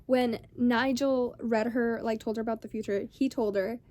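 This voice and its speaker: A young woman chatting casually in a reading vlog, excitable, gasping and swearing as she reacts. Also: on the high side, moderate pace. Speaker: book vlogger.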